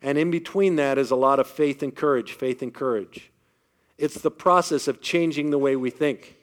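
A man's voice: mid-range voice, moderate pace. A man giving a faith-based motivational talk to a live audience, speaking emphatically and often putting questions to the crowd.

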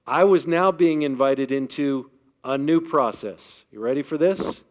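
A man's voice: medium pitch, unhurried. A man giving a faith-based motivational talk to a live audience, speaking emphatically and often putting questions to the crowd.

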